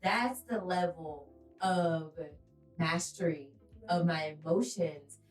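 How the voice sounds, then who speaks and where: A woman's voice: on the low side, slow pace. A woman co-hosts a faith podcast, preaching her points with emphasis and acting out stories as she tells them. Her voice rings in an echoey room, picked up from some distance off the mic. Faint music plays underneath. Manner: emphatic, preacherly, animated storytelling. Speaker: podcast co-host. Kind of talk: faith-based casual podcast talk.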